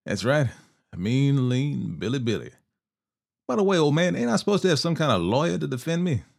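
A man's voice: medium pitch, big pitch swings, brisk, vocal fry, darkish tone, pitched above the performer's own voice. A man voicing a smug young male outlaw, mocking and cocky.

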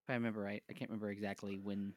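A man's voice: on the low side, level tone, racing, dry recording. A man co-hosting a casual podcast, joking around and trailing off mid-thought. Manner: loose, joking, trails off and restarts. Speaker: podcast co-host. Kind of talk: casual chat over drinks.

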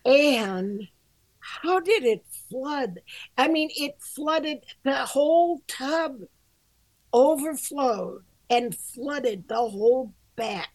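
An older woman talks in a relaxed, unhurried way, with a voice that sits slightly high. She pokes fun at herself, laughs often and swears without fuss. The sound is dry and close, with no room echo. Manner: self-deprecating, laughing, frank with swearing. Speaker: podcast co-host, dog groomer and shop owner. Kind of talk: casual chat.

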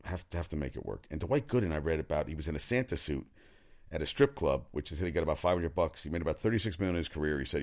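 Low-voiced male sports ranter, loose and profane, jumps between stories. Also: lively intonation, quick pace, a little mellow. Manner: rambling, profane, opinionated, frequent restarts. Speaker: sports talk commentator. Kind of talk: casual sports commentary monologue.

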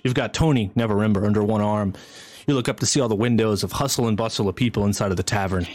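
A man narrating as game master of a streamed tabletop game, energetic and chatty, swinging into excited whoops. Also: fairly low pitch, fast, dry recording.

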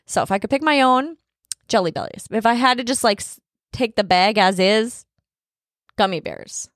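A woman's voice: fairly high pitch, moderate pace, no room sound, clean studio sound. A middle-aged woman hosting a casual family podcast with her child, playful and teasing. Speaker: podcast host, mother.

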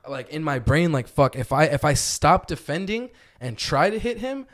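A man's voice: fairly high pitch, big pitch swings, moderate pace. Rambling, profane young man telling a story. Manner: rambling, profane, heavy filler words. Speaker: podcast co-host. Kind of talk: casual storytelling chat.

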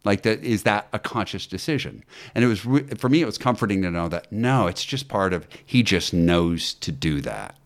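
A man who acts and teaches acting, telling stories in an interview with animated delivery and frequent fillers and restarts. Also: low-pitched, moderate pace. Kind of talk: conversational interview storytelling.

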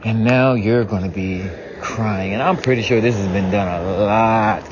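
A man's voice: fairly low pitch, normal speed. A man giving a raw, profane personal monologue about family, often sinking into a whisper. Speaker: speaker venting about family. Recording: dull lo-fi sound with background noise.

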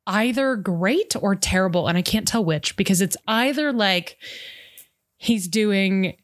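A woman's voice: medium pitch, expressive, normal speed, no room sound. Rambling, jokey woman recapping a show. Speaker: podcast co-host recapping a TV series. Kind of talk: casual recap chat.

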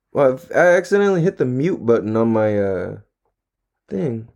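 A man's voice: medium pitch, very animated, normal speed, vocal fry, a little mellow. Laid-back slangy man talking casually. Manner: laid-back, slangy, swears a lot, laughs often. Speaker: solo podcast host. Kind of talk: casual rambling monologue. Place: at home, on camera.

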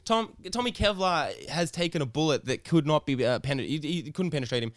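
A man's voice: a little high, a little fast, dry recording. A man hosting a podcast over a video call, chatting casually, swearing and laughing a lot. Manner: profane, animated, laughing often. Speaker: podcast co-host. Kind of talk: casual chat, joke telling.

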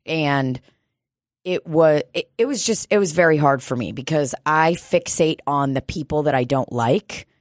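A woman's voice: deep voice, unhurried, dry recording, studio quality. A woman in casual chat, telling stories with acted-out quotes and laughing often.

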